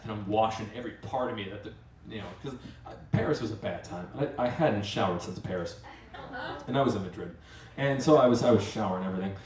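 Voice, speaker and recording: A man's voice: lowish voice, fast, crowd noise. Man telling a comic story live. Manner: rambling, self-mocking, acts out his own asides. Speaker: storyteller and master of ceremonies. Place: stage at a live storytelling event. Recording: roomy live venue, mic from far off.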